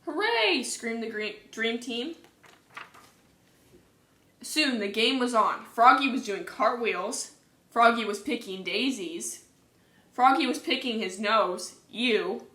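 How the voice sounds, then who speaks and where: A woman reading a children's book aloud in a cheerful, lively way, recorded in an echoey room. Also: fairly high pitch, slow pace, pauses often. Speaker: reader. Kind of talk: children's storybook read-aloud.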